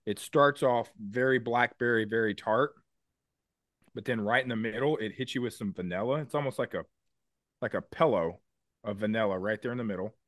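A man's voice: lowish voice, normal speed, a bit bright, no echo, clean studio sound. A man co-hosting a podcast in casual chat. He explains things in detail with a lot of enthusiasm and swears casually. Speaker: podcast co-host.

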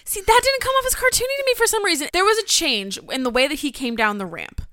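Bright, sarcastic woman on a podcast. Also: high voice, lively intonation, fast, no echo, clean studio sound. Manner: sarcastic, exasperated, dramatic sighs. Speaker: podcast co-host. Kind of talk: casual chat recapping wrestling.

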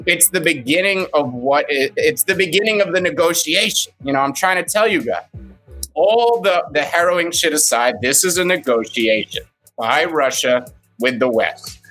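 A man's voice: a little high, normal speed, fairly bright tone, soft background music. A man co-hosting a casual live morning show, explaining trading terms in a rambling, playful way. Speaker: co-host and market commentator. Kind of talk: casual live-stream chat.

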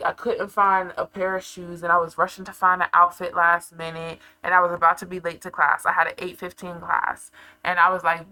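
A woman's voice: on the low side, vocal fry, sharp tone, poor audio. A young woman telling a personal story to her viewers in casual, slangy chat, full of "like" and asides. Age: young adult. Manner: slangy and confiding, full of filler "like". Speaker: vlogger.

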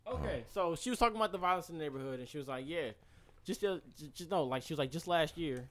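A young man co-hosting a podcast, telling stories in casual chat, animated and swearing freely. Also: on the high side, fast talker. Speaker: podcast co-host.

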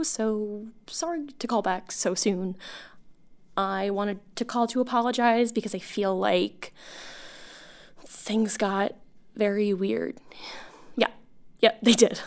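An actress playing a lonely woman bartender who leaves long, halting voicemails for an old school friend, rambling and self-conscious. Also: on the high side, smooth. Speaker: voice actor. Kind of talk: audio drama monologue.

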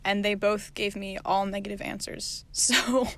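A woman's voice: medium pitch, steady tone, measured pace, fairly bright tone. Giggly young woman podcast co-host. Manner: giggly, laughs between lines. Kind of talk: casual chat.

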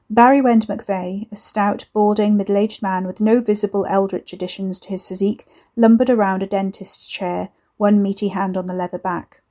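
A woman reading a story aloud in measured, wry scripted narration. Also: mid-range voice, dark tone.

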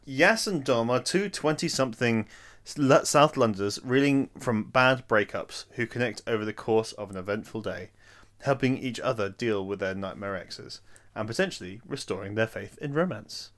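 A man's voice: mid-range voice, moderate pace, fairly bright tone. A young man hosting a podcast, asking teasing questions and laughing often, with many restarts. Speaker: podcast host. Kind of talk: casual chat.

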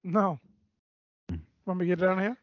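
A man on a podcast telling a long story in a casual, animated way, swearing a lot. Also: high-pitched, normal speed. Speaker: podcast co-host. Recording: dry, dull lo-fi recording.

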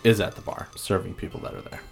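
A man narrating as game master of a tabletop role-playing game, relaxed and descriptive. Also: quick pace, faint music behind.

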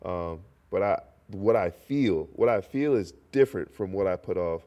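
On his own casual podcast, a young North Carolina host talks at a moderate pace in a voice that sits low. Despite being congested, he stays animated, wandering off topic with joking asides.

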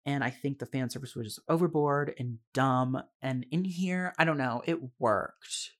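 A young adult podcast host gives a casual solo film review, chatty and candid, swearing freely and laughing often, with frequent fillers and asides. The voice is medium-pitched at a moderate pace.

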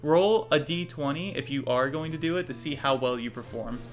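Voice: medium pitch, a little fast, faint music behind. A game master narrating a tabletop game casually and laughing often.

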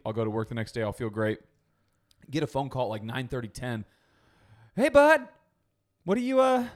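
A young man co-hosting a podcast, telling stories in casual chat, laughing often and swearing freely. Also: medium pitch. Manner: laughing storyteller, acts out quotes, swears freely. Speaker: podcast co-host.

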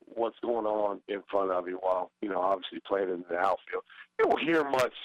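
A man's voice: deep voice, brisk, dry recording, lo-fi sound. A middle-aged man, a former baseball player, talking as a guest in a casual interview, hesitant with many fillers and restarts.

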